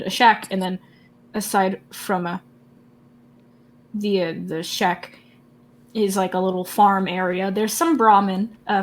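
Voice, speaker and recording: A woman's voice: mid-range voice, fairly bright tone. A woman narrating a tabletop game as game master, giggling often and talking loosely with many fillers.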